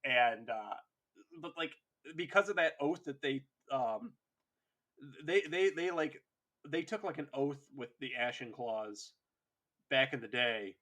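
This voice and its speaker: A man's voice: mid-range voice, animated, slow, sharp tone. A man co-hosting a casual podcast, rambling through his points and laughing often. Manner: rambling, many fillers and restarts, laughs often. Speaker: podcast co-host. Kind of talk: casual chat.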